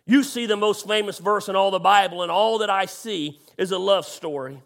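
A middle-aged man preaching with a strikingly high voice. He talks with passion and emphasis, drawing key phrases out slowly and sometimes breaking into a shout. His delivery keeps a pastor's pulpit rhythm. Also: gravelly. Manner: impassioned, emphatic with sudden slowed lines and shouts. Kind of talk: sermon.

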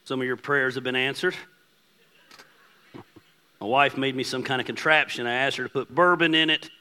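A man preaching a sermon as pastor while losing his voice, hoarse, blunt and joking with emphatic delivery. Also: mid-range voice, steady tone, normal speed, pushed and bright.

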